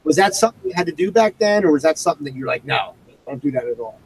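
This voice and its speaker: A man's voice: a little high, animated, fast talker, breathy edge, poor audio. A man hosting a wrestling talk show, asking questions and giving short upbeat reactions. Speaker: host. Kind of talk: casual interview.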